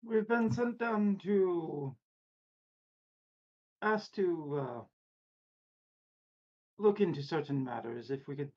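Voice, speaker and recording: A man's voice: on the high side, lively intonation, slow, long pauses, muffled recording, voice pushed up. A man putting on a German-accented investigator. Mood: formal. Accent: put-on German. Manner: hesitant, formal.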